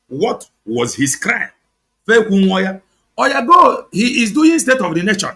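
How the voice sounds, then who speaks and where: A Nigerian man with an Igbo accent delivers heated political commentary on his online show. He switches between English and Igbo with biting sarcasm. His voice is gravelly, bright and a little high. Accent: Nigerian, Igbo-speaking.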